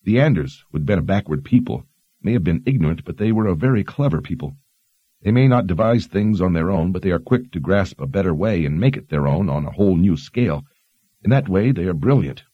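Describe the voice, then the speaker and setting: A man voicing a learned young woman who explains history in a measured, explanatory way. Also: deep voice, animated, breathy edge, dry recording, lo-fi sound. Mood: explaining.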